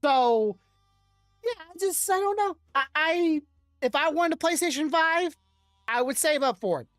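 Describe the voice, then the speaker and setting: A woman's voice: high-pitched, animated, a little slow, no room sound, studio quality, faint music behind. Rambling woman podcast co-host. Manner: rambling, explains with examples, laughs often. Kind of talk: casual podcast chat.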